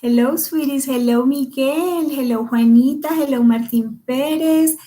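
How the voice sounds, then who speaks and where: A woman, teaching an online kindergarten math class in a slow, sing-song manner and greeting the children by name. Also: high voice, mellow, reverberant, rough recording.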